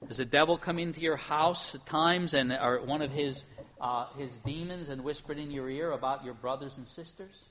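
A man's voice: a little high, normal speed. Earnest middle-aged man preaching. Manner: earnest, emphatic preaching with shifts from soft to loud. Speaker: pastor. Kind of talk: sermon.

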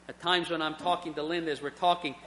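High, bright-voiced preacher man. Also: steady tone, fast, a little hiss or hum. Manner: earnest, personal storytelling with emphatic swells. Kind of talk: sermon.

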